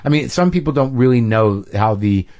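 A man's voice: medium pitch, animated, brisk, a little mellow. A man hosting a podcast in his garage, asking questions in a casual, conversational way. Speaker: podcast host. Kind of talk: casual interview. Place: home garage.

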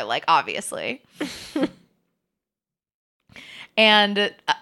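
Young woman podcast host rambling thru a story, lots of likes, bright sharp voice. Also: medium pitch, normal speed, clean tone. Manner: chatty storyteller, lots of "like", swears casually. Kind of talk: casual chat.

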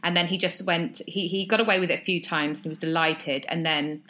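A woman's voice: on the low side, steady tone, fairly quick, bright, forceful tone, a little hiss or hum. A woman, chatting hesitantly and self-deprecatingly with many restarts. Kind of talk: casual chat.

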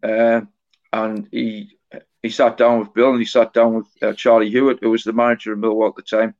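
Halting man, flat voice, dull recording. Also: fairly low pitch. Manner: halting, often repeats words and restarts. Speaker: author guest. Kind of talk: conversational storytelling interview.

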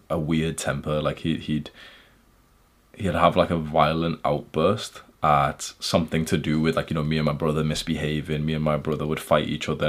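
A man from England, hosting a podcast, candidly recounting his childhood in an intense, halting way. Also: rumbling low. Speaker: podcast host. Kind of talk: personal storytelling monologue.

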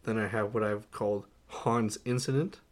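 A man's voice: lowish voice, normal speed. Chatty young man reviewing a movie. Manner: animated, laughs often, lists notes with many "uh"s. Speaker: podcast co-host. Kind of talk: casual movie-review chat.

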